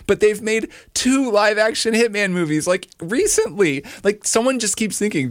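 A man's voice: high voice, no echo, studio quality. A man co-hosting a podcast, chatting casually and animatedly and cracking jokes. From United States. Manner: chatty and animated, quick to joke. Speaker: podcast co-host. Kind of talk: casual chat.

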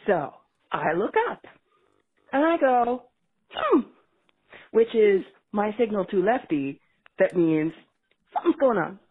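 A woman calling in to a podcast, telling a story in an expressive, swearing, casual way. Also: mid-range voice, measured pace, long pauses, breathy edge, no echo. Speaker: caller. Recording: tinny phone line.

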